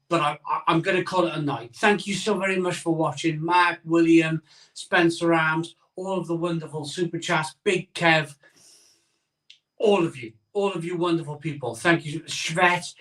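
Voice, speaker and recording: Bright-voiced man rambling on a stream. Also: a little high, far from the mic. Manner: rambling, reads viewer comments aloud. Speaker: live-stream host. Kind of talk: casual live-stream chat. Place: home room, live stream.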